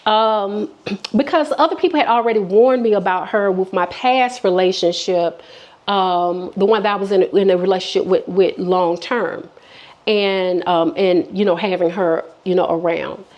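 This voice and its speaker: On a muffled recording, a woman vlogger with a medium-pitched, darkish voice tells a personal story at a moderate pace. She's candid and chatty, with many fillers and restarts, and often acts out what people said.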